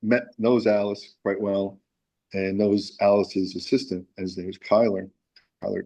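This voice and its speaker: Male musician guest, lowish voice, rambling animated storyteller with many fillers. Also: normal speed, highs cut off. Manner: animated storyteller, acts out quotes with lots of fillers. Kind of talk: casual storytelling interview.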